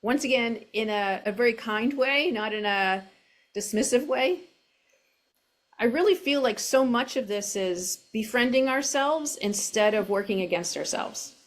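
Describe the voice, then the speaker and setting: A middle-aged woman coach speaking gently and reflectively as an interview guest, over a video call from home. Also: a little high, lively intonation, unhurried. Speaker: self-compassion coach. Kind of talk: interview guest, casual explanation.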